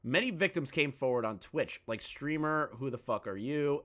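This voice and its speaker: A man's voice: medium pitch, expressive, moderate pace, a bit bright. Male reaction commentator, crude and mocking, heated rants. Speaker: commentary YouTuber.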